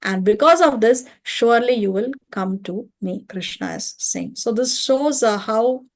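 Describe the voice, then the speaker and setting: A woman leading an online scripture study class, explaining step by step and often pausing to check with listeners. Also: fairly high pitch. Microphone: video call or home mic.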